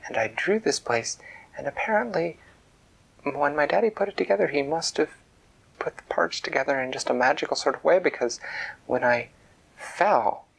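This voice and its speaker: A man's voice: a little high, expressive, normal speed, vocal fry, husky, exaggerated voice, low-quality recording. A man voicing a polite, earnest little girl who explains herself in a storybook. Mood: apologetic.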